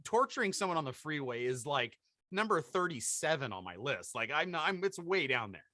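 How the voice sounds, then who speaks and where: A middle-aged man co-hosting a podcast, telling a comedic story with animated delivery and laughing through his own jokes. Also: on the high side, brisk, no echo. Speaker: podcast co-host.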